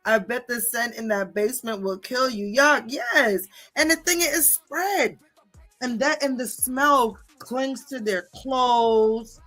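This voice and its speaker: A woman livestreamer rants in a bright, forceful voice that sits a little high. She curses freely and drives her points home with repeated "okay?" tags. Faint music plays underneath. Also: animated, slow pace. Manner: profane, confrontational, repeats "okay?" and "bitch". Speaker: livestream host. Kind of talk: heated livestream rant reading viewer comments.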